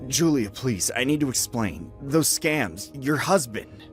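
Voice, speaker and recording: A man's voice: on the low side, lively intonation, moderate pace, faint music behind, pitched above the performer's own voice, lightly acted. A man voicing a lonely, awkward man who is earnest and lovestruck and pleads desperately. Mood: desperate pleading.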